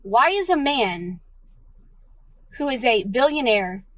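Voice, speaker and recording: An indignant woman ranting to camera, asking pointed rhetorical questions. Her voice sits higher than most women's. The sound is dry with no room echo. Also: very animated, slow. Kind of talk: ranting online video.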